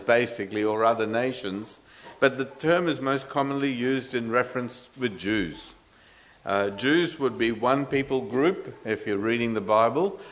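A man's voice: medium pitch, a bit bright. A man preaching an expository sermon, earnest and emphatic, with frequent fillers and restarts, asking the congregation rhetorical questions.

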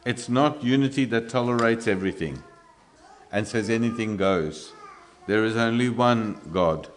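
Male preacher, lowish voice, earnest sermon delivery, halting restarts. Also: slight background noise. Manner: earnest, with many restarts and filler ums.

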